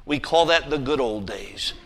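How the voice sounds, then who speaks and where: A man preaching a sermon, telling a story with animated swings between loud emphasis and hushed asides. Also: medium pitch, normal speed, vocal fry. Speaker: pastor. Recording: long hall reverb.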